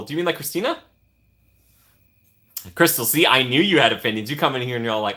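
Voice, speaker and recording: A man's voice: mid-range voice, lively intonation, fast talker, long pauses, bright, forceful tone. A young man casually chatting on a live stream, reading and answering viewer comments with playful teasing.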